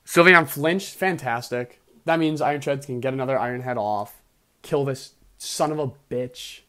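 A young man, the host, giving casual game commentary, excitable and swinging from mumbling to loud outbursts. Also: medium pitch, moderate pace. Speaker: video host and league player.

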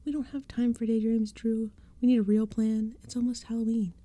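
A bossy, scolding girl, whispered by a woman reading a spooky storybook in a whispered role-play. The voice is breathy and warm-toned, pitched at an ordinary height. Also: fairly even intonation, brisk, dry recording, close to an everyday voice. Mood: stern.

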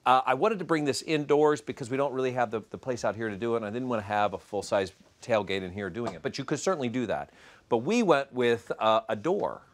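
Relaxed man explaining a DIY build. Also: mid-range voice, fast talker. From Iowa, United States. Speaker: show co-host doing a DIY segment. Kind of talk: casual studio chat and how-to demonstration.

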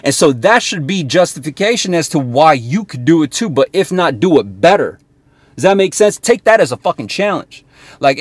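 A man delivers a fiery motivational rant in a voice pitched a bit above most men's. He curses constantly and keeps checking in with his listener. The sound is close and dry, with no room echo. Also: very animated, moderate pace, breathy edge. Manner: blunt, heavily profane, keeps checking in with "right?". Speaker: motivational sales coach. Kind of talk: profane motivational rant to camera.

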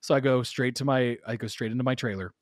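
Guy telling a wild story on a podcast, lively, laughs a lot, acts out the voices, dry close sound. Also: mid-range voice, quick pace, no room sound. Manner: animated, laughs while telling, acts out quoted lines. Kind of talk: casual storytelling chat.

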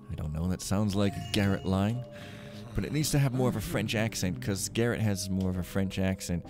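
Low-voiced man mumbling game commentary. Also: brisk, a little mellow. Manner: rambling, wry, mumbling asides. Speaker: game streamer. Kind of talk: casual let's-play commentary. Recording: game music heard clearly behind. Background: game music.

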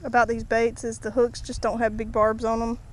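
A woman's voice: fairly high pitch, completely flat delivery, moderate pace, a little hiss or hum, rough recording. A woman vlogging outdoors by the water, casually narrating each catch and chatting to the fish as she unhooks them. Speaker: fishing vlogger. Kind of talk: casual play-by-play while fishing.

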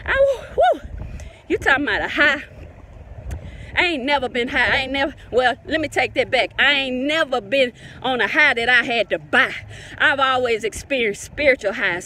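A woman in her forties preaching fervent, impromptu praise from a parked car, shouting hallelujahs, recorded on a phone. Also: high voice, a little hiss or hum.

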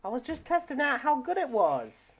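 A man's voice: very high voice, huge pitch swings, normal speed. A man who makes gaming videos, chatting casually and joking around during role-play. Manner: joking, laughs often. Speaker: gaming YouTuber.

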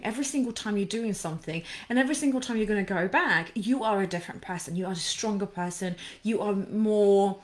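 Bubbly and effusive, a woman with a medium-pitched voice coaches people through anxiety on a casual live stream. As she reacts to comments from viewers, she rambles with many fillers.

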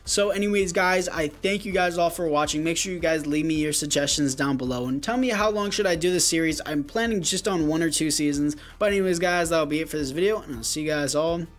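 A man's voice: on the high side, quick pace, few pauses. A young man giving casual play-by-play commentary over a football video game, calling plays like a sports announcer with offhand asides to his viewers. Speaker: gaming YouTuber. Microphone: gaming headset.

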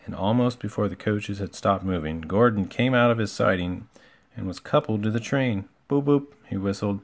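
A man reading a children's picture book aloud in a relaxed, homely way, with small slips and asides. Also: lowish voice, normal speed, vocal fry. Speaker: storybook reader.

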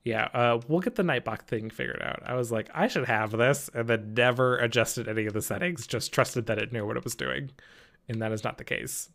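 A man's voice: mid-range voice, fairly quick, gravelly, fairly bright tone. A male streamer chatting casually while gaming, apologetic and flustered, laughing often and answering chat.

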